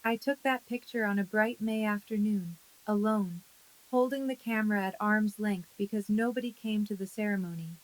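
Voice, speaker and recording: In a mid-range voice, a woman in her thirties narrates a dramatic first-person story calmly and with measured, quiet intensity. The recording quality is low.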